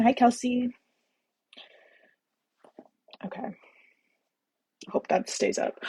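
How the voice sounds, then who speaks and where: A woman's voice: medium pitch, takes it slowly, creaky, pauses often, darkish tone, slight background noise, poor audio. A woman hosting a book-reading livestream, chatting casually and bubbly with viewers, full of jokey asides. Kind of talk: casual live chat with viewers.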